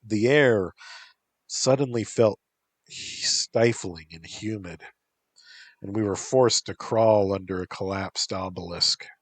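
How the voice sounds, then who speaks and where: A man reading a first-person story aloud in a deadpan, unhurried way. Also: lowish voice, no room sound. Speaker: narrator.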